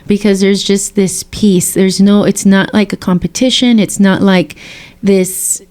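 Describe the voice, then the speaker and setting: A woman on a faith podcast panel, talking earnestly and reflectively, with quick bursts of speech. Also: mid-range voice, little pitch movement, a little mellow. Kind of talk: casual faith discussion.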